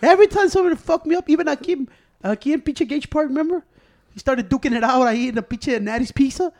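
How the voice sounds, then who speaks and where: A man's voice: very high-pitched, fast talker, darkish tone. A man from Chicago with a Mexican-American accent, telling rowdy stories in casual chat, switching between English and Spanish and swearing a lot. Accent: Chicago Mexican-American, mixing Spanish. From Chicago, USA.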